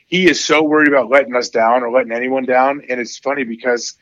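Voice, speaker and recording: A man in his forties chatting casually as an interview guest, rambling with many fillers and getting animated when he quotes his kids. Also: medium pitch, fast, no echo, muffled recording. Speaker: podcast guest, former football player.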